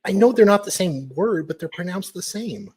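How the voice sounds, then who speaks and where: A woman's voice: mid-range voice, lively intonation, normal speed, darkish tone, slightly rough. A woman co-hosting a live stream, stubborn and joking as she argues a point. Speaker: stream co-host. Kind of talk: casual live-stream chat.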